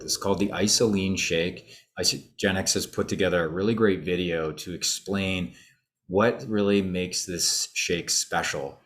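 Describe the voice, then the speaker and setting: This is a man hosting a live webinar. His voice is very low, and he speaks in a loose, conversational way. He often stops to restart a phrase or fills a pause with "um" and "uh". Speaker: presenter of an online info session.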